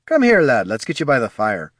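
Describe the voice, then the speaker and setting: A man's voice: medium pitch, huge pitch swings, fairly quick, fairly bright tone, slightly rough, dry recording, studio quality, exaggerated voice. A man voicing a kindly old barkeep in a storybook reading, speaking in a soothing, coaxing way.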